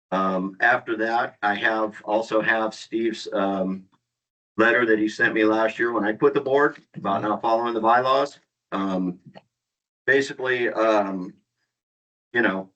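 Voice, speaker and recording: A man's voice: fairly low pitch, sharp tone, far from the mic, rough recording. A man making a hesitant, aggrieved public comment at a board meeting.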